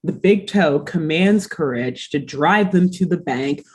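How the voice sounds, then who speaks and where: A woman's voice: deep voice, animated, a little slow, a crowd in the background. A woman hosting a podcast, chatting casually and giggling as she recaps a cartoon episode. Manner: giggly, chatty, filler-heavy. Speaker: podcast host.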